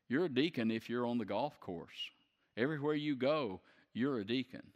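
A man's voice: medium pitch, big-room sound. A man preaching a sermon who puts questions to the congregation and builds to emphatic peaks. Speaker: pastor.

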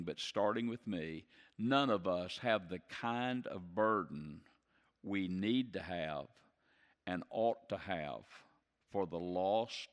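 A man's voice: deep voice, long reverb tail. A man preaching a sermon in earnest, repeating key phrases for emphasis as he teaches. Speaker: pastor.

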